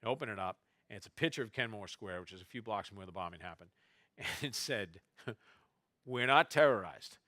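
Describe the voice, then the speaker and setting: Bright-voiced man telling stories. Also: lowish voice, fast, no echo. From Boston, USA. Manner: animated, wry anecdotes with restarts. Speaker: novelist speaking at a festival. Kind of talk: storytelling talk to an audience. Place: festival stage before an audience.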